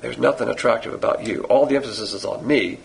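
A man preaching a sermon in a blunt, sarcastic, emphatic way, slowing down to stress key phrases. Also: medium pitch, gravelly, low-quality recording.

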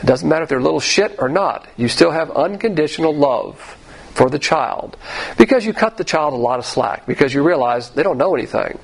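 A man's voice: a little high, expressive, brisk, gravelly, husky, low-quality recording. A middle-aged man teaching a sermon on a Bible passage, explaining in an emphatic, lecturing way with frequent asides.

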